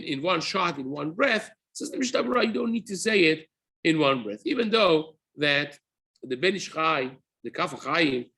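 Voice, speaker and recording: Bright, husky-voiced rabbi teaching. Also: male voice, on the high side. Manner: explanatory, repeats and rephrases, mixes Hebrew terms into English. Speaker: rabbi teaching daily halacha. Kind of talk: spoken Torah class.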